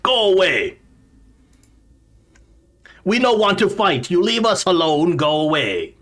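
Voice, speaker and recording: A man voicing a timid male goblin guard who talks in halting, broken grammar. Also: high voice, very animated, voice pushed up, heavily acted. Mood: wary. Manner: halting broken grammar, shouted through a door.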